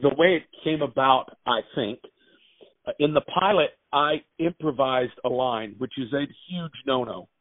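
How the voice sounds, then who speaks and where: Male interview guest, lively storyteller, dry tinny phone sound. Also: medium pitch, normal speed, no echo. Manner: animated anecdotes, acts out quotes. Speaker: actor and writer, guest.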